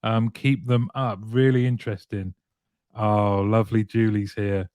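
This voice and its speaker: A man's voice: lowish voice, steady tone, unhurried, darkish tone, no room sound. Chatty man greeting viewers by name. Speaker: host of a weekly live show. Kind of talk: live-stream chat greeting viewers.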